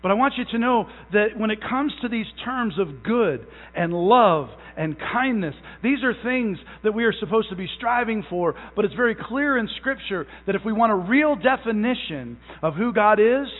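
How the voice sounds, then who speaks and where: A man's voice: sits high, animated. A young man preaching a sermon as pastor, emphatic, stretching out key words and restarting phrases. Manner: repeats phrases, halting restarts. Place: church sanctuary. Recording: tinny phone-like sound in a long-echo hall.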